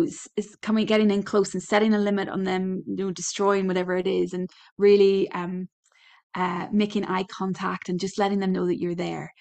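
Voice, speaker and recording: Gentle woman with a gravelly low voice. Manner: gentle, reassuring, with many fillers and restarts. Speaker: podcast host. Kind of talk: casual advice talk.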